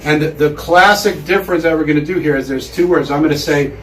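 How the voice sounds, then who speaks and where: A man with a fairly high voice delivers a loose, chatty lecture to a live audience, often pausing to have them repeat words back. He sounds distant from the mic in an echoey room, with faint ambient hiss behind him. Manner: chatty, with many fillers and audience drills. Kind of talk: casual public lecture.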